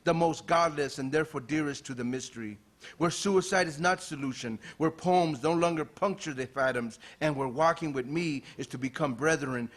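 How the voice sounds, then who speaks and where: A poet from Los Angeles, a man, gives a relaxed, conversational introduction and then reads his verse in a measured, declamatory way. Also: on the high side. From Los Angeles, USA. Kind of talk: poetry reading with spoken introduction. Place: university lecture hall.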